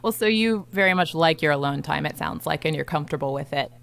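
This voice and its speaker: Low-voiced woman asking questions. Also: quick pace, vocal fry, a bit bright, smooth. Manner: probing, asks follow-up questions. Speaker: interviewer, host. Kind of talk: conversational interview.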